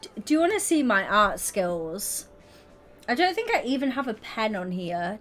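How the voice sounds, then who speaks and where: A woman's voice: mid-range voice, big pitch swings, normal speed, a bit bright, slight background noise. A young woman streaming live, chatting casually with her viewers and constantly breaking into giggles. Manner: giggly, keeps breaking into laughter.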